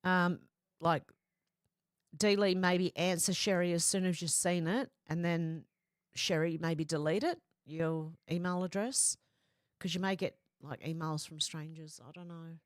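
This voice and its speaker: A woman's voice: on the low side, measured pace, no echo, clean studio sound. A woman hosting a live stream, reading viewers' comments aloud and chatting back to them casually. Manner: chatty, reads comments in a flat running voice with asides.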